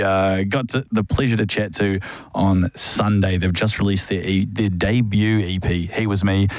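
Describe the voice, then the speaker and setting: A man's voice: lowish voice, no room sound. A man in his thirties with a Southland New Zealand accent, hosting a radio show and chatting with guests in a friendly way, with fillers and restarts. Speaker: radio host. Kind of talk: radio show presenting and interviewing.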